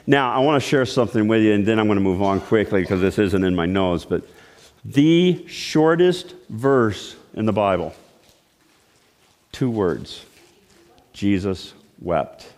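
A man pastor preaching a storytelling sermon, animated, dropping to hushed tones and rising to loud exclamations. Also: on the low side, normal speed. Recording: long hall reverb.

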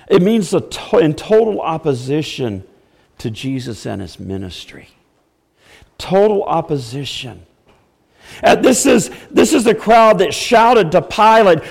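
Pastor guy preaching, high voice, hams up wailing bits, long church echo. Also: big pitch swings, measured pace, vocal fry, slightly rough. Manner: preaching with acted outbursts of mock wailing. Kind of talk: sermon.

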